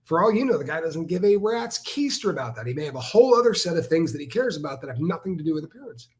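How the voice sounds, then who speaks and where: A man's voice: a little high, fast. Emphatic storytelling male co-host. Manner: animated storyteller, emphatic, mimics others. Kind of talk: casual livestream chat.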